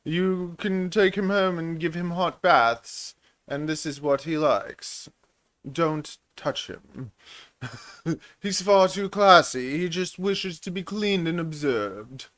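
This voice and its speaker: A man's voice: on the high side, takes it slowly, fairly bright tone, no echo, pitched above the performer's own voice. A man putting on a posh German-accented snake. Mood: haughty. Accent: put-on German. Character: posh, fussy male pet snake.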